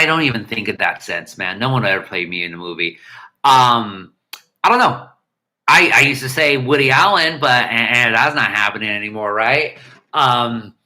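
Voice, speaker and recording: A middle-aged man hosting a loose livestream chat, answering viewer questions in a blunt, irreverent, rambling way. His voice has a very bright edge at a medium pitch.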